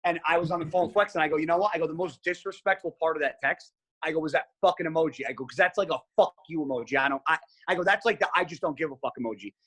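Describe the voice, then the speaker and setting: A man's voice: on the high side, racing. A man as a podcast guest, telling stories in casual chat, blunt and heavy on profanity. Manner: blunt, profane, animated storyteller.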